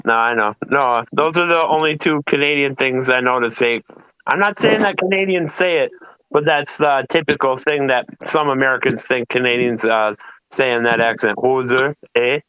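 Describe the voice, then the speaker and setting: A talkative man jokes his way through a casual livestream chat. His voice is bright and smooth. The mic is dry and a little dull. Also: mid-range voice, normal speed, no room sound. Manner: joking, talkative. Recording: dry, slightly muffled mic.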